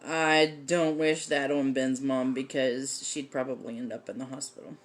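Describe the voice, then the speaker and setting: A woman's voice: extremely low pitch, fairly even intonation, moderate pace. A woman hosting a casual livestream lesson on folk magic, talking in a chatty way with many "um" fillers. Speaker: host teaching folk magic.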